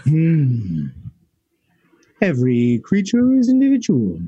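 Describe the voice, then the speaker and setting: A man's voice: a little high, wildly swooping pitch, slow pace, dark tone, husky, dry recording, dull audio. A man playing a tabletop game in a playful way. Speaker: player. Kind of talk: casual tabletop game play.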